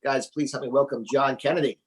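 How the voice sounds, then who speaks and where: A man's voice: mid-range voice, steady tone, brisk, slightly rough, rough recording. A man hosting an online comedy show, introducing comics in a chatty, joking way. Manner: chatty, joking emcee patter with fillers. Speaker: show host.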